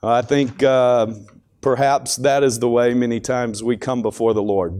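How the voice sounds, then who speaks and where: A man's voice: medium pitch, steady tone, a little slow, a little mellow. Conversational man giving a devotional talk. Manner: conversational, frequent restarts and repeated words. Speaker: chapel speaker at a school.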